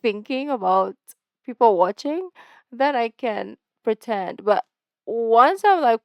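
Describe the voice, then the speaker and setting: Chatty young woman, smooth and dry. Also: fairly high pitch, animated, takes it slowly, no echo, muffled recording. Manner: chatty, self-conscious, giggly. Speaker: reaction video host. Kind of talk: casual reaction commentary.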